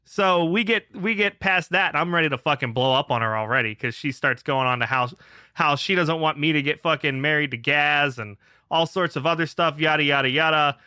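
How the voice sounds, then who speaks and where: A man's voice: on the high side, a little fast, bright, forceful tone, smooth, dry recording, clean studio sound. A man telling a heated story on a casual podcast, swearing a lot and getting fired up. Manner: profane, fired-up ranting. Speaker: podcast co-host.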